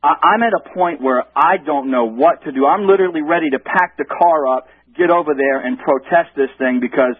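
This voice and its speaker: A man calls in to a radio show over a tinny, dry phone line. His slightly high voice is husky, and he talks fervently in preachy, rising bursts. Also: fairly quick, few pauses, no echo. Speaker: caller. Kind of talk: call-in radio talk.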